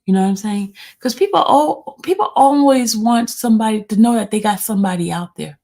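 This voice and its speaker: Gravelly-voiced woman chatting to viewers. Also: fairly high pitch, animated, brisk, a little mellow. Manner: emotional, addresses viewers as y'all. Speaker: livestream host. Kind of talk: casual chat to viewers.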